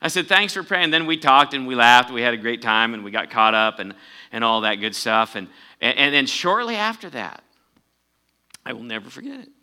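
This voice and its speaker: A man's voice: mid-range voice, big pitch swings, normal speed, bright, forceful tone, clean tone. A man preaching a conversational sermon, building to emphatic peaks. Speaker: pastor.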